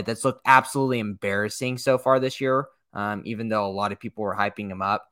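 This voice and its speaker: A man's voice: on the low side, fast talker, hardly any pauses, bright, forceful tone, no echo, clean studio sound. A man co-hosting a casual sports podcast, emphatic and teasing. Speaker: podcast co-host.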